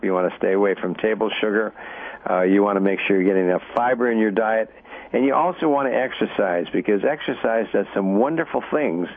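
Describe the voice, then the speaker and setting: A man hosting a call-in health radio show as a doctor, chatty and explaining plainly, laughing often. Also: fairly low pitch. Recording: phone-like radio broadcast.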